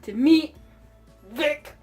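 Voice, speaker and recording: A young woman telling a comic personal story in a vlog, dramatic and excitable, often raising her voice for effect. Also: high-pitched, extremely slow, soft background music. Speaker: vlogger.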